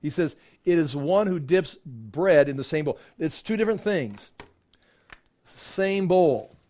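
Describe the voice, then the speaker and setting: Guy teaching bible class, kinda high voice, chatty, lots of restarts. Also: lively intonation, unhurried, a little mellow. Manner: conversational, restarts, acts out quotes. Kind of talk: Bible study lesson.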